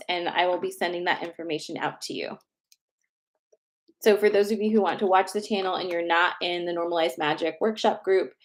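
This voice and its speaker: A woman in her thirties hosts a casual spiritual livestream in a lowish voice. She talks in a chatty, reassuring way and lets the odd swear word slip. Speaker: spiritual reader and host.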